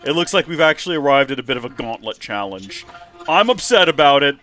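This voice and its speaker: A man's voice: medium pitch, very animated, quick pace, pushed and bright, faint music behind. A man hosting a live game stream, chatting and joking about himself as he plays. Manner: chatty, joking, self-deprecating. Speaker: host, gamer.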